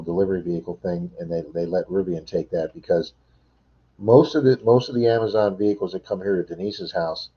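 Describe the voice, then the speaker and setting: Deep-voiced man rambling on a livestream. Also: muffled recording. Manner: rambling, reads and answers viewer chat. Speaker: livestream host. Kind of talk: casual livestream chat. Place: home.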